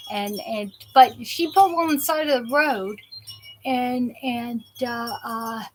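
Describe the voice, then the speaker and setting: This low-quality recording, carrying a slight hiss or hum, features a woman from South Jersey who hosts a live patient show. Her voice sits a little high and moves slowly as she rambles through casual live-stream chat, full of fillers and restarts.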